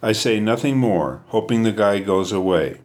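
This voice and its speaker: A man narrates a first-person story in a steady, measured way. His voice sits fairly low for a man. The delivery is calm, even and clear, like an audiobook.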